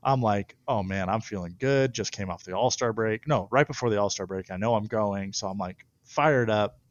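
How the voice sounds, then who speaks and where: A man's voice: lowish voice, moderate pace, dry recording, dull audio. Laughing man telling stories. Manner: animated storyteller, laughs often. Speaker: guest pitcher. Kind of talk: casual podcast chat.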